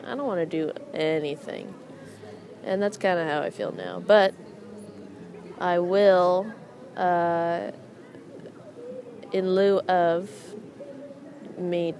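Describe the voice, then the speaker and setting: A young woman hosting a podcast outdoors in a park, rambling casually and joking at her own puns. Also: lowish voice. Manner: rambling, self-mocking puns, laughs at own jokes. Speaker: podcast host. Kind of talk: casual monologue.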